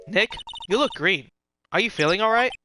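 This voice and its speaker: A man's voice: high-pitched, animated, normal speed, over music, pitched above the performer's own voice. A man doing a teasing teen girl sidekick. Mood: concerned.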